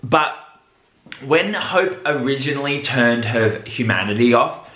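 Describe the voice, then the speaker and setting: A man hosting a reaction video, talking casually and excitedly, breaking into high shrieks. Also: unhurried. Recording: roomy echo with faint music.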